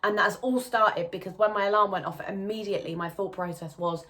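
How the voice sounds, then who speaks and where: A woman's voice: medium pitch, steady tone, fairly quick, fairly bright tone. A woman in her twenties talking casually to camera at home as a lifestyle vlogger, chatty and rambling with plenty of restarts. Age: 20s.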